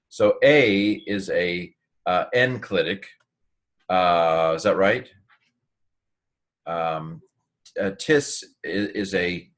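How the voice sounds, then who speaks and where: Halting low-voiced male teacher. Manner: halting, full of fillers and restarts, thinks aloud. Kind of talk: informal Greek lesson.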